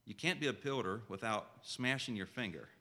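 A man preaching a sermon in a conversational way, asking his listeners direct questions and reading scripture slowly and solemnly. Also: mid-range voice, sharp tone.

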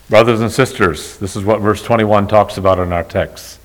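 A male pastor preaching a sermon in church, moving from quiet, slow storytelling to loud, high-pitched, impassioned preaching. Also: steady tone. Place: church sanctuary.

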